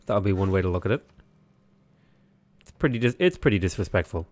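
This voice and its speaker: Man, Irish accent, low voice, casual game-stream chatter, rambling, dry close sound. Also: animated, a little fast, darkish tone, no echo. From Ireland. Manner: rambling, many "like" fillers and restarts. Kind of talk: casual livestream commentary.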